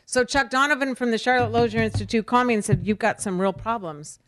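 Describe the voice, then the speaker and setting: A middle-aged woman from the United States giving an animated storytelling speech at a fundraising event. She acts out quoted dialogue and repeats words for emphasis. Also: fairly high pitch, quick pace. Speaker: speaker at a fundraising dessert. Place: event hall.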